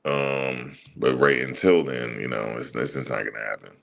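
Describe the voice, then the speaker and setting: A sports commentary channel host with a bass voice, a bit bright and carrying vocal fry, speaks at a moderate pace with fairly even intonation. In a casual monologue he rants heatedly and profanely, repeating himself as he goes.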